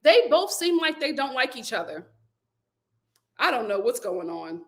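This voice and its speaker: Her voice sits high and her delivery is unhurried as this young woman hosts a relaxed live stream. She reads viewer comments aloud, chats in an animated manner, and laughs a lot.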